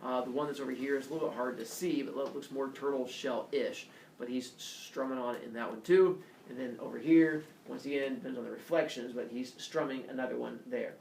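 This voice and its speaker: A man's voice: medium pitch, fairly even intonation, fairly quick, vocal fry, darkish tone, far from the mic, slight background noise. A male teacher animatedly telling myths to his class and acting out the characters, recorded from afar in a classroom. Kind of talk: classroom myth storytelling. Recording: roomy classroom heard from afar.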